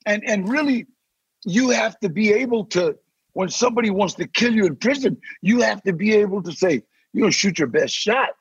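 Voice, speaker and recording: An older man, a podcast guest, telling animated stories in a casual interview and acting out the voices he quotes. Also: high voice, normal speed, dry recording. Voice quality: gravelly, husky. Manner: animated, acts out quoted voices, growls threats. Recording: dry, slightly dull sound.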